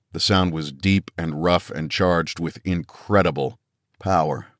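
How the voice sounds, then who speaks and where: His voice sits low as this audiobook narrator reads first-person action scripted narration with tension and drama. The recording has clean studio sound and no room sound.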